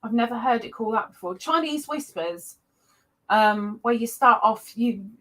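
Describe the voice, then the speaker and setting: A woman hosting a casual livestream chat, greeting viewers by name with excited jumps in her voice. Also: on the high side, normal speed. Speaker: livestream host.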